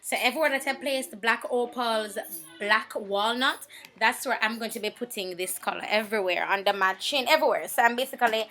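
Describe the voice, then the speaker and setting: Bright chatty woman vlogger. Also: a little high, fairly quick. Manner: chatty, repeats herself, talks while working. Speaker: makeup vlogger. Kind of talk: casual tutorial voice-over.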